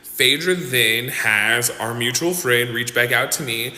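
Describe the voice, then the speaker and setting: A man's voice: medium pitch, unhurried. A man telling a dramatic storytime in casual commentary, acting out the people he quotes. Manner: animated, dramatic retelling that acts out quotes. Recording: echoey reverberant room with faint noise.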